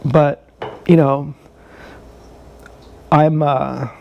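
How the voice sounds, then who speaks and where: A man's voice: on the high side, little pitch movement, extremely slow, gravelly, lo-fi sound, a little hiss or hum. A man in his thirties telling a rambling, profane, confessional story in a casual livestream monologue. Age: 30s. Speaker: streamer. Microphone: action camera.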